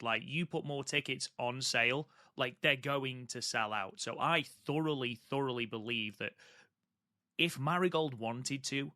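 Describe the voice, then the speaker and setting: A man's voice: mid-range voice, sharp tone, no echo, clean studio sound. A man co-hosting a podcast in casual chat, enthusiastic and prone to repeating words for emphasis. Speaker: podcast co-host.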